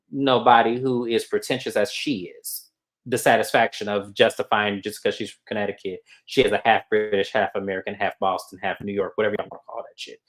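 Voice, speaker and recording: A man co-hosting a casual gossip show about reality TV, talking bluntly and with lots of profanity. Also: medium pitch. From California. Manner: blunt, profane, animated asides. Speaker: co-host.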